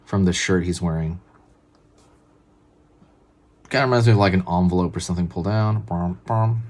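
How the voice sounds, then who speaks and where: Man, lowish voice, relaxed chatty drawing-tutorial host who talks through every line he draws. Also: brisk. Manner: relaxed, chatty, narrates each pen stroke. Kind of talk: casual step-by-step drawing instruction.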